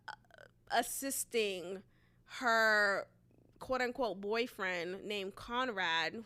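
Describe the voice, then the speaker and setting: A woman's voice: a little high, sharp tone, clean tone. A young woman from Boston, hosting a solo podcast in a casual, chatty monologue full of asides and fillers. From Boston, USA. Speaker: podcast host.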